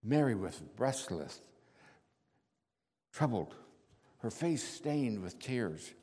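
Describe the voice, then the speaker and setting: A man preaching a dramatic first-person sermon monologue, slow storytelling that drops to hushed tones and bursts out loud. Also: mid-range voice, very animated. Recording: reverberant hall.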